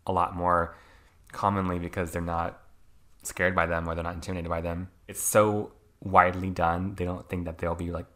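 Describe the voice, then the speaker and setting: A young man with a very low, deep voice hosts a relaxed podcast conversation. He thinks out loud, hedging and filling his sentences with "like" as he works through his views. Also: normal speed. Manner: thoughtful, many fillers and hedges. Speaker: podcast host. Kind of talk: casual conversation.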